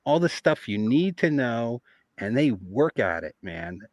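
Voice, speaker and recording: Teasing, blunt Gen X co-host. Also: male voice, mid-range voice, big pitch swings, a little slow, dry recording. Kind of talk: casual panel chat.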